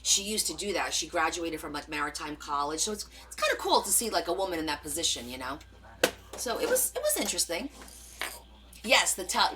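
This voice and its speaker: A woman's voice: on the low side, slight background noise. A middle-aged woman with a New Jersey accent, chatting casually on a live stream and acting out the voices in her stories, with many fillers. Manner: animated, acts out quoted voices, many fillers. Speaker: live stream crafting host. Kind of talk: casual storytelling chat.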